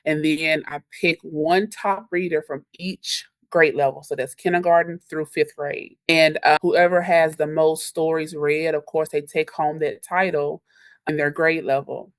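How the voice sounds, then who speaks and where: A woman teacher talks in a podcast interview, lively and full of stories. She acts out her students' voices as she goes. Her voice sits on the low side and sounds dry and close to the mic. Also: unhurried, no room sound. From Louisiana. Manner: animated storyteller, acts out quotes from kids. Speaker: elementary school teacher.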